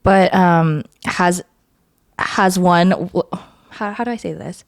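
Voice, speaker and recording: A woman hosting a casual interview, chatty and giggly, asking questions in quick bursts. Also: fairly low pitch, fairly even intonation, creaky, no room sound, studio quality. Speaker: podcast host.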